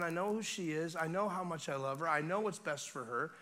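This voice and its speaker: Young male revival preacher, bright forceful voice, storytelling with big swings from hushed to shouting. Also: a little high, brisk. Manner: animated, building from hushed to shouting. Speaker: guest preacher.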